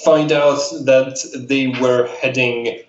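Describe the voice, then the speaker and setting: Slow-paced male game master, echoey room. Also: medium pitch, steady tone, lo-fi sound. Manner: measured, descriptive narration. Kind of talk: narrating a tabletop game.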